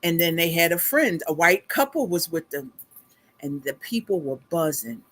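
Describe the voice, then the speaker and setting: A middle-aged woman hosting a casual livestream, telling a family story in a chatty, animated way, laughing along and calling her viewers y'all. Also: lowish voice, normal speed. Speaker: beauty consultant livestream host.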